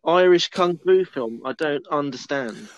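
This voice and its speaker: A man joining a casual chat about a film, wry and mocking with frequent giggles. His voice sits a little high and sounds dry and slightly muffled. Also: lively intonation, unhurried, no echo.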